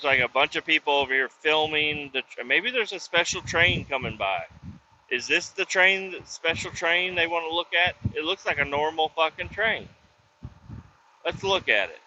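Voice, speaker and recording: A man's voice: on the high side, animated, normal speed, pushed and bright, muffled recording, a little hiss or hum. A man telling a work story in a profane, rambling casual vlog, with frequent restarts. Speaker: roadside service worker vlogging.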